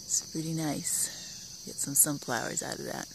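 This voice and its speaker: Walking through her vegetable garden outdoors with a handheld camera, a woman admires each plant in a hushed, low, slightly gravelly voice that sometimes falls to a whisper, keeping a moderate pace for this casual tour vlog. Faint crickets, insects and other background noise can be heard.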